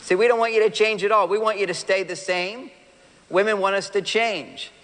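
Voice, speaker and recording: A man giving a lively live seminar talk, speaking straight to the audience and acting out what partners say. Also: sits high, moderate pace. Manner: animated, acts out quoted partners and addresses the audience directly. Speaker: relationship speaker. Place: large hall with a live audience. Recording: long hall reverb.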